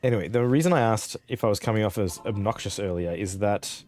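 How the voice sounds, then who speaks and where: A man's voice: lowish voice, quick pace, darkish tone. An Australian man chatting casually on a game stream, rambling, chuckling often and swearing offhandedly. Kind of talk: casual live-stream chat.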